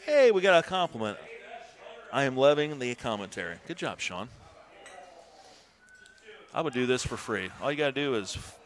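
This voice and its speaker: A man casually commentating a golf video game stream, joking, swearing and bursting into excited shouts. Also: mid-range voice, moderate pace, long pauses.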